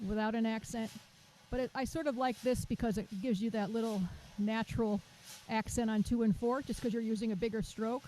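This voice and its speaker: A woman teaching a drum masterclass over a video call, chatty and counting beats out loud. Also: on the high side, fairly even intonation, a little fast, few pauses, a little hiss or hum. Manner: chatty, restarts sentences, counts beats aloud.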